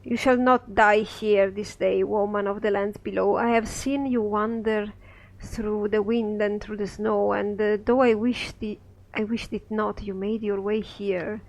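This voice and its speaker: A man reading a scripted play aloud, voicing an ancient lonely wizard who speaks in solemn, measured rhyming verse. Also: sits high, little pitch movement, gravelly, low-quality recording. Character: ancient lonely male wizard, cold and sorrowful.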